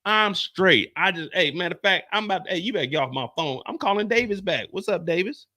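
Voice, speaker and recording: A man hosting a live stream, recapping a TV episode in animated, profane, blunt commentary. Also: high voice, fast talker. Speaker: TV show recap host.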